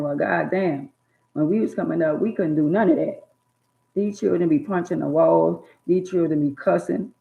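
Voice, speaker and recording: A woman with a gravelly, fry-laden voice tells stories in casual chat. Her speech carries a lilt. She jumps into loud, shrill bursts when she imitates angry parents. The sound is thin and phone-like. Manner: animated, acts out scolding parents in loud bursts. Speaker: storyteller recalling childhood.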